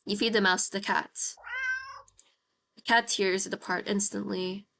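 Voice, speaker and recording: A woman's voice: medium pitch, steady tone, normal speed, vocal fry, background noise. Woman reading a horror game aloud. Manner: reacts with gasps and apologies between reading. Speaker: streamer. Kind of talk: reading a visual novel aloud while playing.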